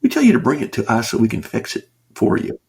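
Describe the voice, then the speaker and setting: A man's voice: mid-range voice, huge pitch swings, fast talker, vocal fry, darkish tone, breathy edge. A middle-aged man speaking earnestly as a guest in a conversational interview, stressing his points and asking rhetorical questions. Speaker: business author and consultant, guest.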